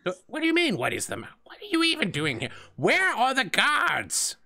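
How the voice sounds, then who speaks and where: A man's voice: extremely high pitch, wildly swooping pitch, moderate pace, creaky, bright, forceful tone, pitched above the performer's own voice, full character voice. A man doing a panicky frail old assistant. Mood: flustered. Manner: whiny, flustered, pleading.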